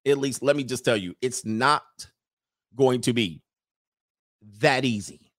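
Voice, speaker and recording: A man hosting a live stream in casual, slangy commentary, animated, laughing often and mocking people in put-on voices. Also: mid-range voice, a little slow, dry recording, clean studio sound. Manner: laughs often mid-sentence.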